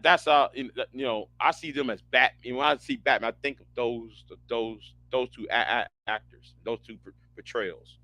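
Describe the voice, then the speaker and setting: A man hosting a livestream, ranting casually in a profane, animated way, often stammering and restarting his words. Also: mid-range voice, creaky, dry recording. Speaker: livestream host.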